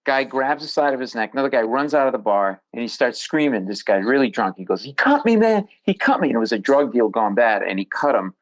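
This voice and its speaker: A male comedian spins a story for a podcast host, animated and full of comic timing. His voice sits at a middle pitch. He talks conversationally and with punch. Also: fast talker, hardly any pauses, low-quality recording. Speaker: comedian guest.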